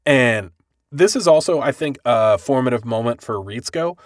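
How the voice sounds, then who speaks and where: A podcast host, a bald-headed joker, swears freely while recapping an anime and acting out the characters. His mid-range voice is animated at a normal pace, captured in clean studio sound with no echo.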